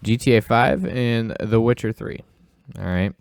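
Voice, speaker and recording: A man's voice: medium pitch, unhurried, creaky, clear, resonant tone, no echo, clean studio sound. A man co-hosting a casual tech and gaming livestream, bantering and steering into news topics. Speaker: livestream co-host.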